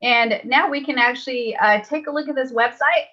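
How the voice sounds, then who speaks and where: Peppy woman walking folks thru a webinar, kinda high voice, muffled call audio. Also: moderate pace, sharp tone. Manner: chatty, upbeat, laughs easily. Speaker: webinar trainer. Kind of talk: live webinar tutorial.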